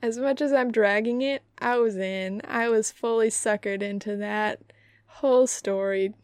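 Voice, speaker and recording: A woman's voice: on the high side, steady tone, measured pace, a little mellow, clean tone, dry recording. A young woman co-hosting a podcast, chatting casually with a jokey, playfully dramatic manner. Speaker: podcast co-host. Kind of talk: casual chat.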